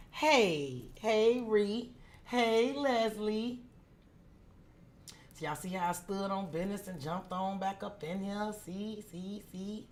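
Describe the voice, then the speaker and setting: Tarot reader, woman, relaxed slow delivery, greets chat by name. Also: mid-range voice, slight background noise. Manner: chatty, greets viewers by name; drops into soft asides while fiddling with setup. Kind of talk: casual live-stream chat.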